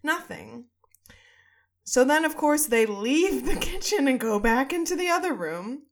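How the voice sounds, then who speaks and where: A woman co-hosting a casual chat, retelling a story with lively acted-out quotes and frequent swearing. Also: high voice, measured pace, slight background noise. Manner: animated storytelling, acting out quotes, swears, laughs often. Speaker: podcast co-host. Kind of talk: casual chat retelling a ghost-hunting show.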